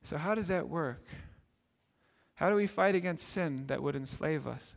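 High-voiced preacher in a reverberant hall. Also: male voice, normal speed, creaky. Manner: earnest storytelling, builds to excited peaks. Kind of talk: sermon.

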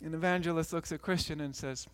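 High-voiced pastor in a reverberant hall. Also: male voice, fast talker, clean tone. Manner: animated storytelling, acts out characters. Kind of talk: sermon and children's story retelling.

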